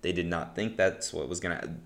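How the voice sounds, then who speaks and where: A man's voice: sits low, a little fast, gravelly. A man hosting a podcast, explaining a Bible story in a casual teaching style, with frequent "right?" and "um" fillers. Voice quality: relaxed, conversational, lots of "right?" and "um".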